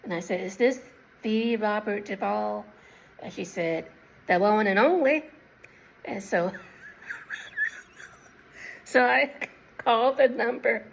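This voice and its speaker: A woman in her sixties tells a personal story in a casual, unhurried way, pausing often to recall details. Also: mid-range voice, gravelly, poor audio. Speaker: vlogger.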